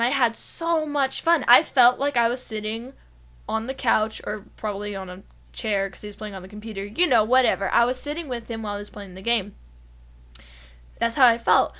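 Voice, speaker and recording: A fairly high-voiced woman co-hosting a gaming podcast. She chats casually and giggles a lot. She talks in a lively, animated way and breaks into silly voices now and then. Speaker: podcast co-host.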